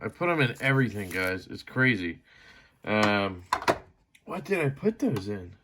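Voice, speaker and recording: A man's voice: lowish voice, very animated, a little slow, very noisy. A man taking apart a knife on camera, rambling to his viewers, often grumbling and joking at himself. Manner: rambling, self-deprecating, talks to viewers while fiddling; mild swearing and grumbling. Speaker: knife reviewer. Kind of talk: casual knife disassembly vlog.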